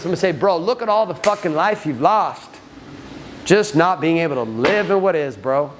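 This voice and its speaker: A man's voice: slight background noise, rough recording. A man coaching a men's group in blunt, profane talk, often acting out what people say. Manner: swears often, shifts into acted quotes, lively pitch.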